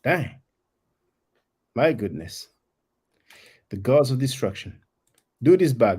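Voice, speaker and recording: A man's voice: medium pitch, animated, slow, long pauses, darkish tone, breathy edge. A man hosting a live stream, talking bluntly and mockingly, confronting callers. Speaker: livestream host. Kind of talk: live stream talk with guests.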